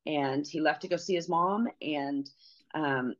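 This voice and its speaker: A middle-aged woman telling a personal story as an interview guest, halting and pausing, often restarting her sentences. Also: low-pitched. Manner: halting, with many pauses and restarts. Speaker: podcast guest. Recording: slightly dull lo-fi audio.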